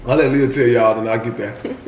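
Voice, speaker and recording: A man's voice: mid-range voice, steady tone, a little fast, darkish tone. A young man, teasing and laid-back as he co-hosts a mukbang. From Texas, United States. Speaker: co-host of a couples channel. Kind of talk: casual mukbang chat. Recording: echoey room with faint hum.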